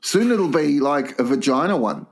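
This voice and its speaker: A man's voice: on the high side, expressive, normal speed. A man co-hosting a crude comedy podcast, firing off vulgar jokes and swearing often. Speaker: podcast co-host.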